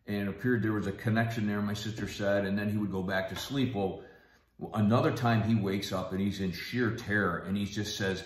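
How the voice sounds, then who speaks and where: A man with a very low, deep voice tells a personal family testimony. He speaks softly and haltingly, pausing often. The sound carries the echo of a roomy space. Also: fairly even intonation. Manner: soft-spoken, halting, with frequent pauses. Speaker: guest sharing a family testimony.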